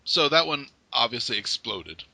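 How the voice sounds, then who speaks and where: A man's voice: mid-range voice, normal speed, creaky, no room sound, low-quality recording. A man hosting a casual interview podcast, friendly and rambling. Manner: friendly, lively, rambling with restarts. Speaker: podcast host.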